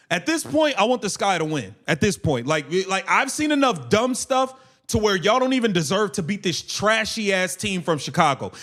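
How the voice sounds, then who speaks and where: A man hosting a live game watch-along stream, ranting angrily and swearing at the team. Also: high voice. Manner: angry, profane, shouting rants. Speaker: livestream host.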